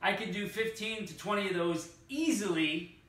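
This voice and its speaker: A man, a fitness coach, demonstrating exercises and cueing each move with slow, deliberate instructions. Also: sits high, a bit bright. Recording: echoey room, distant mic.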